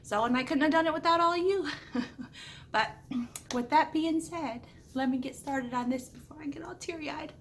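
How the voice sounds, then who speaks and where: With a high-pitched, fairly bright voice at normal speed, a middle-aged woman hosts her home decor channel from the living room, and a faint hiss or hum runs underneath. She rambles in a cozy, chatty way with lots of asides, coughing occasionally because she's slightly under the weather. She's recorded on a nearby camera that gets moved around while she talks.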